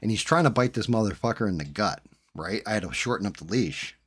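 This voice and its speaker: Male streamer host, slightly low voice, salty, animated storyteller. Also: fast talker, slightly rough. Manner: profane, animated anecdote telling. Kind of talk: casual storytelling.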